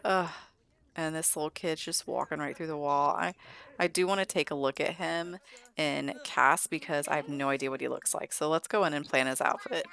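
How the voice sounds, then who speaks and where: In a deep, gravelly, slightly bright voice with a steady tone, a woman talks a little fast as she casually narrates a life-sim let's-play. She chats away and comments with amusement to the on-screen characters.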